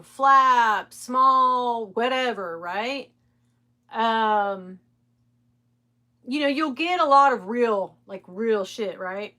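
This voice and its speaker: Bright-voiced chatty woman streaming live. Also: on the high side. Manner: chatty and candid, swears freely, laughs often. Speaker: live stream host reselling designer bags. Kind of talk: casual live stream chat.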